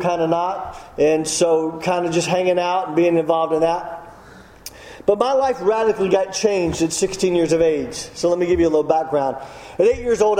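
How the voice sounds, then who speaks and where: Preacher guy, middle-aged, joking testimony, high mellow voice, echoey big room. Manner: humorous storyteller, self-deprecating. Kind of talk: testimony sermon. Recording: echoey hall.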